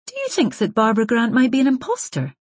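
A woman's voice: on the high side, huge pitch swings, fast, darkish tone, no room sound, voice pushed up. A woman reading an earnest, curious woman sleuth. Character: curious, earnest woman detective, quietly determined.

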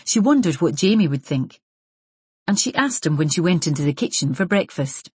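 A woman narrating a novel in a measured, even way. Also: low voice, breathy edge, dry recording. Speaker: audiobook narrator. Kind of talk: scripted narration.

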